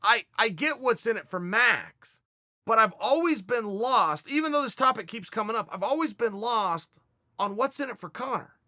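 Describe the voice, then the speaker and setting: A man hosting a fan question show, telling stories and giving his views in a casual, animated way. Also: high voice, normal speed, no room sound, clean studio sound. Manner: animated, conversational, retells scenes with quoted dialogue. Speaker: host answering fan questions. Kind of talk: casual storytelling and commentary.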